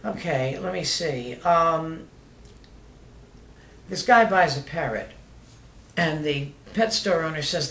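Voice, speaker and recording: A joke teller spinning rambling shaggy-dog jokes in a casual voice, dropping fillers and asides as they go. The tone is bright and clear. The sound is roomy and echoey. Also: medium pitch, slow pace, long pauses. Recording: echoey room.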